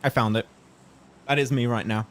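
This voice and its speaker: A man's voice: medium pitch, fairly even intonation, normal speed, slight background noise. Male esports caster from France, English with a slight French tinge, self-mocking and easily amused. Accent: English with a faint French tinge. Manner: laughing, self-deprecating, slightly flustered. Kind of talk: live esports commentary with playful banter.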